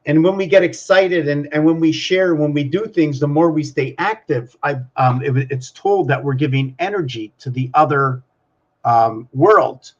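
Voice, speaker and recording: This vlog's host, a man with a voice on the high side, talks at a moderate pace while musing in a wandering, free-associating way to himself and the camera. High frequencies are cut off in the audio.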